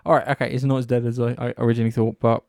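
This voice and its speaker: A man's voice: mid-range voice, racing, creaky, dry recording, clean studio sound. A man chatting casually about games, rambling and swearing freely as he tells stories. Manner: rambling, swears often, animated storytelling.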